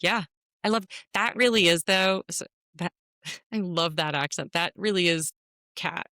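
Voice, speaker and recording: A woman's voice: fairly low pitch, a little slow, bright, forceful tone, dry recording, clean studio sound. A woman from Virginia co-hosting a podcast in casual chat, playful and laughing often. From Virginia, USA. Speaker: podcast co-host.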